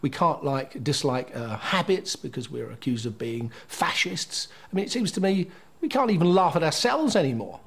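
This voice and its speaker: Man, higher husky voice, lively, grumbling. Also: moderate pace. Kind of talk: interview.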